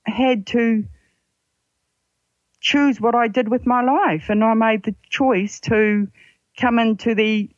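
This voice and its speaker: An older woman with a New Zealand accent, a psychic guest on a radio show, telling her life story in an earnest, halting, reflective way. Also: on the high side, steady tone, no echo. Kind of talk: personal story on a radio interview. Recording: dull, lo-fi dry sound.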